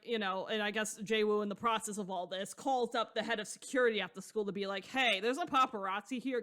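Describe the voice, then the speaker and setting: A woman's voice: medium pitch, a bit bright. A woman co-hosting a podcast, recapping a novel in casual chat, rambling and slangy with frequent swearing and easy laughter. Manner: laughs often while telling the story. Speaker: podcast co-host.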